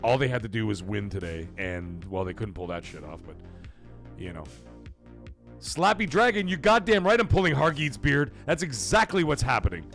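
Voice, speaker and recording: Guy hosting a stream, rambly and swears a lot, gravelly voice that swings up and down, faint music behind. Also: mid-range voice, normal speed. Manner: rambling, profane, animated. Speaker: livestream host. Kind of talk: casual livestream chat, reading chat messages.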